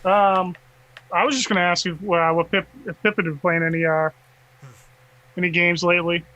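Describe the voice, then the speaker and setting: A man's voice: high voice, flat delivery, moderate pace, bright, forceful tone, poor audio. A man co-hosting a casual podcast, easygoing and asking questions. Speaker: podcast co-host. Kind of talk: casual chat.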